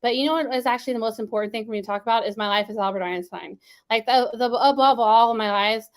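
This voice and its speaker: A woman guest talks fast and rambles from thought to thought, full of restarts and fillers. Her voice is a little high. She rushes through long run-on sentences. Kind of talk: casual interview talk.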